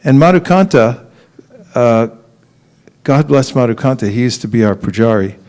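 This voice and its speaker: A man giving a relaxed sermon at a temple, telling stories with laughs and acting out quotes, sometimes chanting a mantra slowly. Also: medium pitch. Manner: storytelling with laughs and acted quotes. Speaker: temple teacher.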